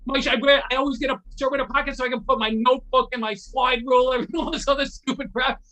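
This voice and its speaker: As a guest storyteller, a man shares casual anecdotes with animation, performing the dialogue of those he quotes and frequently starting his sentences over. He talks fast in a very high voice, and the recording quality is low.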